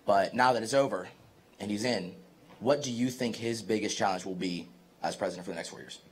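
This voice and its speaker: A man in the audience thanking the speaker and then asking a question in a polite, deliberate way. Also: on the low side, very noisy. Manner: polite, deliberate, grateful opening.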